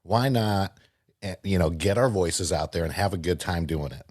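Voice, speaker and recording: An easygoing man co-hosts a casual podcast chat and pauses now and then. His voice is very deep. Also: darkish tone, no echo, studio quality. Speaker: podcast co-host.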